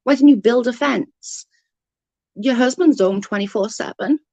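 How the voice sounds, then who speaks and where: A woman's voice: on the high side, a little slow, creaky, darkish tone, dry recording, lo-fi sound. A woman on a casual livestream, ranting in exasperation, swearing freely and answering chat comments. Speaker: live streamer reading chat comments.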